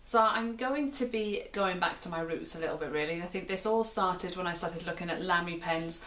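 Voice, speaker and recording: A woman's voice: fairly low pitch, fairly quick, fairly bright tone, a little hiss or hum. A British woman hosting a pen review show, chatting casually and often repeating herself as she describes the pen. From United Kingdom. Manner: chatty, repeats and restarts phrases while describing.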